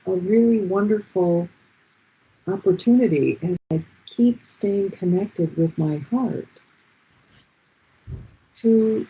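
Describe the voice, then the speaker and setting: A woman telling personal stories in a chatty, animated way on a video call, with dull lo-fi audio. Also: mid-range voice, creaky, slightly rough. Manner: chatty and animated, quick restarts. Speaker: guest speaker. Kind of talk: casual storytelling on a video call.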